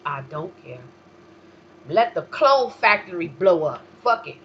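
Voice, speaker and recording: Slow-talking woman ranting, swinging to shouts. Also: sing-song, lo-fi sound. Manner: profane, heated, jumps from low mutters to shouting. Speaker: talk show host. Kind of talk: solo ranting monologue.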